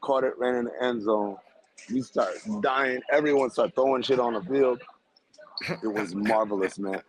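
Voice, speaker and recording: A young man co-hosting a podcast, telling an animated story in casual chat and laughing often. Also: mid-range voice, normal speed, a little hiss or hum, rough recording. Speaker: podcast co-host.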